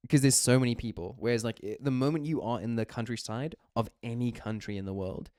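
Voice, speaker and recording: A man co-hosting a casual podcast, blunt and opinionated with a bit of swearing. His voice is smooth and resonant, at an average pitch. The sound is dry and close. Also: a little fast, darkish tone, dry recording. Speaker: podcast co-host. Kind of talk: casual chat.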